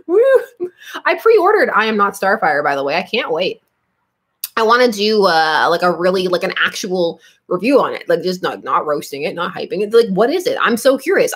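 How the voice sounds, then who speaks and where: A woman's voice: medium pitch, breathy edge. A Canadian woman in her thirties hosts a casual livestream about comics. She talks in chatty, bubbly asides and laughs often as she goes.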